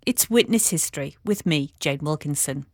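A woman's voice: low-pitched, animated, moderate pace, no echo, studio quality. A woman presenter reading a scripted introduction to a history programme. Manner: crisp, announcing. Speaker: radio presenter.

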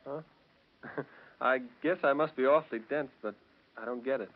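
A mild young fiancé. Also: male voice, medium pitch, a little slow. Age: young adult. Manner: mild, hesitant. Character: earnest young college graduate, fiancé. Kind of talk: 1940s radio acting. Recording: dull old radio recording.

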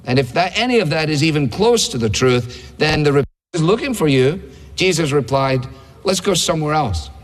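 A man's voice: fairly high pitch, expressive, normal speed. A man preaching a sermon in a conversational way, asking rhetorical questions. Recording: long hall reverb.

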